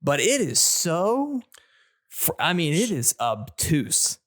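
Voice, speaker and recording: A man's voice: on the high side, slow. Ranting man on a gaming podcast. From not British. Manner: animated, ranting, many restarts. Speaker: podcast co-host. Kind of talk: casual gaming podcast chat.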